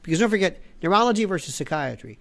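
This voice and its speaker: Middle-aged woman host, opinionated monologue, sarcastic, lively swooping pitch. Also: quick pace. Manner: sarcastic, animated, mocking indignant voices. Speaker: podcast host.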